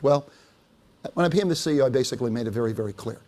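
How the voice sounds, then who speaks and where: A man's voice: medium pitch, very fast. An older man giving a business talk, telling anecdotes with quoted dialogue and asking the audience questions. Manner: lively storytelling, quotes others, asks audience. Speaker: speaker.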